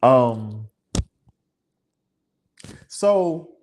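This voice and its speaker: A man's voice: mid-range voice, sing-song, very slow, darkish tone. A man co-hosting a podcast, talking in a candid, emotional and profane way and laughing often. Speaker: podcast co-host. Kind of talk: candid casual chat.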